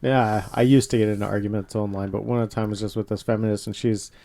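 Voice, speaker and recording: A man's voice: lowish voice, steady tone, fast talker, dark tone. A man chatting as a podcast guest, blunt and swearing freely. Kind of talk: casual chat.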